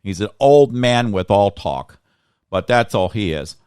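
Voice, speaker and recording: A man's voice: lowish voice, lively intonation, unhurried, darkish tone, clear, resonant tone, dry recording, studio quality. A man from Florida hosting a casual political talk show, ranting heatedly and repeating himself. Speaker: show host.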